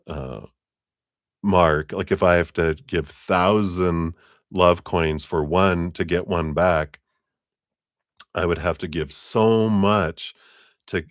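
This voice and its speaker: A man's voice: sits low, no room sound, clean studio sound. A man giving a live tarot reading, rambling and chatty, often laughing at himself. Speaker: tarot reader.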